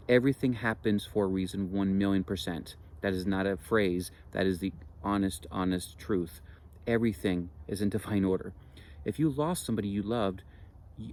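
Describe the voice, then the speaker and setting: A man's voice: fairly low pitch, darkish tone. A man speaking earnestly and reassuringly in a spiritual monologue, repeating phrases for emphasis. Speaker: spiritual teacher.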